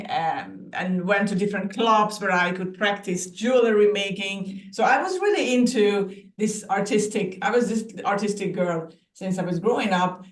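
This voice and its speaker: A woman's voice: mid-range voice, recorded from a distance. Chatty woman guest in a roomy echo. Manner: warm, laughing easily, talks with small restarts. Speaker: podcast guest, artist. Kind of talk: casual interview chat. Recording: roomy, echoey sound.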